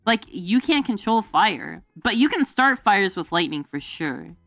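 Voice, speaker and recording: A woman's voice: mid-range voice, very animated, a little slow, a bit bright, no echo, faint music behind. A woman streamer in casual chat, rambling with many fillers and frequent laughs.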